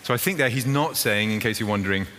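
Animated preacher in an echoey church. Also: male voice, fairly low pitch, quick pace. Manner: animated, playful, dashes about acting out a story. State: out of breath. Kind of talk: lively sermon with acted demonstration. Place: church hall. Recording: echoey hall with faint noise.

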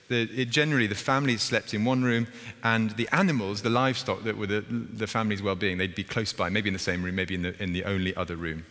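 A man vicar preaching a sermon in a church, chatty and storytelling, often breaking off and restarting his sentences. His voice sits on the low side but rings bright and forceful. A long hall reverb follows him. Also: steady tone, fast talker. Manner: chatty, self-interrupting, acts out stories.

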